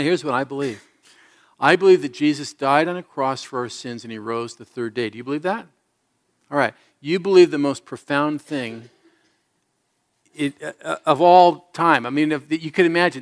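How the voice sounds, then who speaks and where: A middle-aged man, a pastor, preaching a sermon to a congregation, telling stories in an earnest way with some self-mocking humor. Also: a little high. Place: church service before a congregation.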